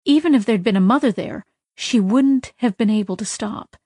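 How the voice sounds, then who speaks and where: A woman's voice: medium pitch, normal speed, vocal fry, dark tone, no echo, clean studio sound. A woman narrating a story in a tense, dramatic reading style with urgent bursts. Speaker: audiobook narrator.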